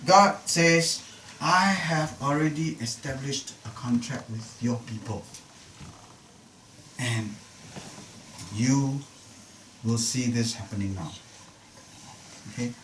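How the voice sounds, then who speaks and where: A man's voice: medium pitch, takes it slowly, pauses often, a bit bright, distant mic. A man leads a live Bible study class, explaining the text patiently and repeating key phrases to drive them home. He is picked up from across a roomy classroom, with a faint hiss underneath. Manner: explanatory, repeats phrases for emphasis, occasional humor. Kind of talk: unscripted Bible class lecture.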